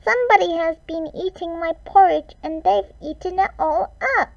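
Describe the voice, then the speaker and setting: Teeny storybook baby bear, shrill and squeaky, a woman putting him on; high, dull lo-fi sound. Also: moderate pace, vocal fry, dry recording. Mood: upset. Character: tiny young male baby bear.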